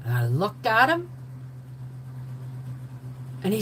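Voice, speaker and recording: An older woman telling a personal story in an animated way, acting out the voices of the people in it. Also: lowish voice, moderate pace, long pauses, a little hiss or hum, low-quality recording. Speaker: host.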